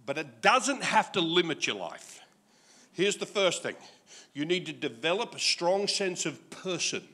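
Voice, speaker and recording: A pastor from Australia, in his sixties, preaches unhurriedly in a voice on the high side. His sermon takes the form of jokey, animated storytelling.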